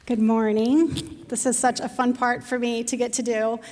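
A woman's voice: on the high side, little pitch movement, moderate pace, darkish tone, a little hiss or hum. A middle-aged woman giving a heartfelt testimony at church, sharing about her mission team. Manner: heartfelt, choked up, reads children's stories aloud. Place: church sanctuary. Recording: long reverb of a church hall.

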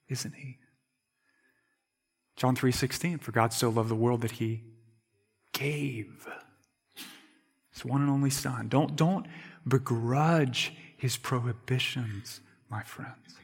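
A man preaching a sermon in an emphatic way, repeating words and dropping to quiet asides. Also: medium pitch, slightly rough, in a large hall. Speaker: pastor.

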